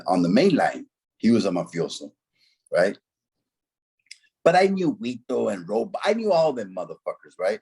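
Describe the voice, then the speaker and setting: This is a middle-aged man from Central California with a husky, slightly rough voice. He speaks in a loose, streetwise way and peppers his stories with curses and Spanish slang. He sounds like a former gang member recounting old times in an unhurried interview. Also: on the low side, darkish tone. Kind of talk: casual storytelling.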